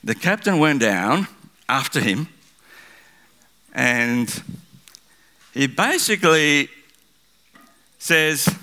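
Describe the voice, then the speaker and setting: A male pastor preaching a sermon, telling a story in an animated way. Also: medium pitch, drawn-out words, long pauses.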